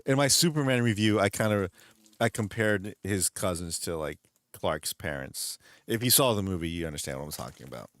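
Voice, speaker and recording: A man's voice: sits low, expressive, brisk, fairly bright tone, dry recording. A man hosting his channel in casual chat, rambling, laughing often and restarting sentences. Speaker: channel host.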